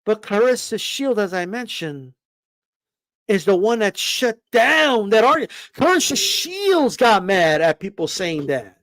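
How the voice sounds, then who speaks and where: Ranting high-voiced man, dry close mic. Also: very animated, a little slow, fairly bright tone, no room sound. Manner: ranting, profane, repeats words, asks rhetorical questions. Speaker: boxing commentator on a live stream. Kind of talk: casual opinionated commentary.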